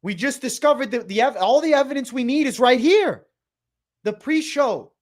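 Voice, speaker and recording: A young man hosting a livestream, talking excitedly and repeating himself, swearing often and calling his viewers bro. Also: very high voice, normal speed. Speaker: livestream host. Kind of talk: livestream commentary.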